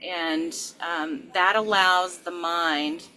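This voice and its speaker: A woman's voice: on the low side, fairly even intonation, drawn-out words, bright, forceful tone, slight background noise, rough recording. A middle-aged woman, a regression therapist, talking casually with many fillers and restarts. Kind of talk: casual conversation.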